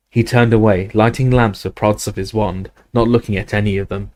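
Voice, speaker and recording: A man reading a novel aloud in steady, measured storytelling narration. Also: on the low side. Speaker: audiobook reader. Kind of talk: scripted narration.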